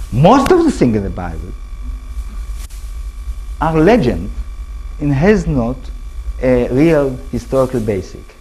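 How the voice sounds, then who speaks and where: An older man with an Israeli accent giving a lecture to an audience, in halting English, often restarting words and asking the listeners questions. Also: medium pitch, darkish tone, husky, rough recording. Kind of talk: public talk to an audience.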